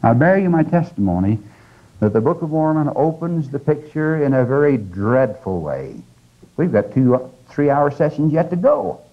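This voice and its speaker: An earnest male lecturer exhorts his listeners, his voice jumping up in pitch when he presses a point. He drops to a slow, deliberate pace to read quotations aloud. The 1980s cassette recording is dull and lo-fi, with the top end rolled off. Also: sing-song. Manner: earnest, exhorting, with sudden rises in pitch and stress; slows down for quoted scripture and sayings. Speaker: religious lecturer. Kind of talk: recorded lecture to a live audience. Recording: dull lo-fi 1989 lecture tape.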